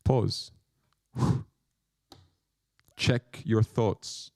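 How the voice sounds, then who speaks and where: A man's voice: fairly low pitch, steady tone, very slow, gravelly, dry recording, studio quality. A man, a monk, giving a spiritual lecture with playful, self-mocking asides and short phrases repeated for emphasis. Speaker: monk teacher.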